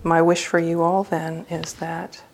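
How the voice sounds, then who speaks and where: A woman's voice: on the low side, flat delivery, unhurried, gravelly, a little mellow. A woman meditation teacher giving a dharma talk at a retreat center, telling a personal story in a humorous, loose, conversational way.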